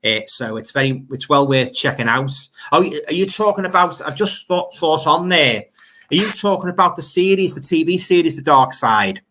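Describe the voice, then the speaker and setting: A man's voice: a little high, expressive, moderate pace, bright, forceful tone. A man with a Liverpool accent hosting a casual livestream, reading out viewer comments and chatting in a rambling way, often repeating words as he goes.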